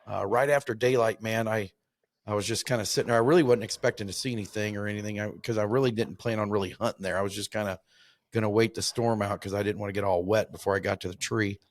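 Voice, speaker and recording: Male hunting host, low voice, dry close recording, rambling casual storyteller. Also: fairly even intonation, no echo. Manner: rambling, halting, with many restarts and fillers.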